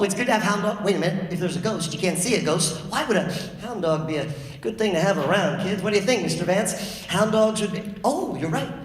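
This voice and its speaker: On a large theatre stage, a storyteller tells children a spooky tale live, playful and lively, pulling the audience in with questions. The voice is medium-pitched, and the sound is roomy with a long reverb tail.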